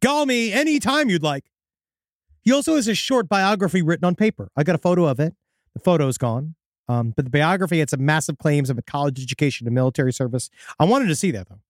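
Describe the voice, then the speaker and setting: A man's voice: a little high, lively intonation, quick pace, no echo. A man co-hosting a podcast, casually reading out a listener's creepy story and swearing now and then. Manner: casual, profane, dips into voices for quoted people.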